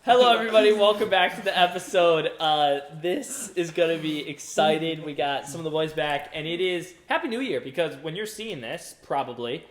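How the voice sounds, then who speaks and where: A man's voice: on the high side, normal speed, few pauses. A young man hosting a casual podcast chat, upbeat and rambling, laughing often. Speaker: podcast host. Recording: roomy, echoey room.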